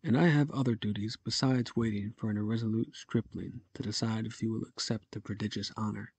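A man voicing a haughty male noble envoy who speaks brusquely and gruffly. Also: lowish voice, fairly even intonation, fairly quick, a little mellow, no room sound.

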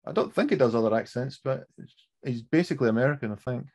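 A man who works as a voice-over artist, giving brief, low-key answers in a casual interview over a video call. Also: animated, fast talker, creaky, darkish tone.

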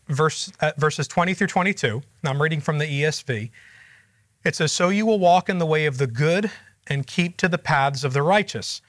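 A man's voice: fairly high pitch, fairly bright tone, no echo. A man teaching a group Bible study, explaining verses and asking the room questions in a conversational way.

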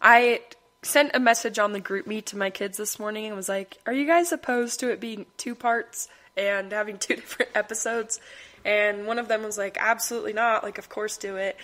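A woman's voice: mid-range voice, moderate pace, a bit bright. A young woman hosting her own podcast, talking casually and rambling, often breaking into laughter. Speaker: podcast host. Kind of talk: casual solo podcast monologue.

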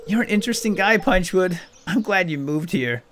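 A friendly young woman villager from a cozy farming game, chatting in a perky, high, lively voice, as a man reads her lines. She sounds bright and sociable, her voice bouncing up and down as she talks. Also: moderate pace, a little hiss or hum. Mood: cheerful.

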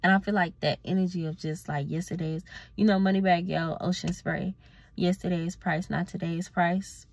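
A woman's voice: on the low side, fairly even intonation, normal speed. A sleepy woman, ranting bluntly and profanely in a casual vlog as a self-reflection coach. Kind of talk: casual vlog talk to camera.

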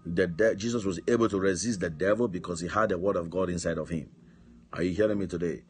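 A male pastor delivers a fervent sermon in a low voice, dropping amen and hallelujah between points. Faint music plays beneath him. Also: steady tone, fast, a little mellow.

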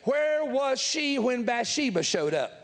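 A man's voice: extremely high pitch, big pitch swings, a little slow. A man with a Southern US accent preaching a sermon to a live audience, blunt and folksy, with emphatic asides to the crowd. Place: large church hall with live audience. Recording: echoey hall reverb.

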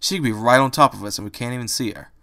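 Man doing a curt, grumpy rabbit sidekick for a storybook read; gruff, clipped. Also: mid-range voice, rapid-fire, sharp tone. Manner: curt and grumbling.

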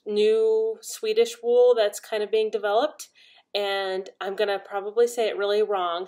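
A young woman chatting casually at home about her crafts. She talks in a rambling, excitable way with frequent laughs. She sounds a little tired after her workday. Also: medium pitch. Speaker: crafting podcast host. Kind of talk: casual chat. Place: home, indoors.

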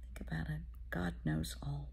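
A middle-aged woman therapist giving a motivational talk, speaking softly and often half-whispering, calling the listener honey. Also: low-pitched, flat delivery, moderate pace, vocal fry, breathy edge.

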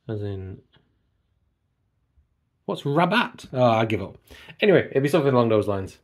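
A man's voice: medium pitch, very animated, moderate pace, long pauses. A man chatting casually on a book vlog, wandering off on tangents and poking fun at himself, recorded at home by his computer. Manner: chatty, digressive, self-deprecating. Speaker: book vlogger. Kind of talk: casual chat.

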